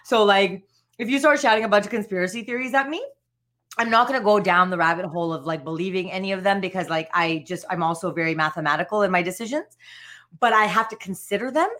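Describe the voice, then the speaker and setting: A woman who works as a stand-up comedian, chatting casually on a podcast, animated and laughing often as she tells rambling stories. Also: medium pitch, fast.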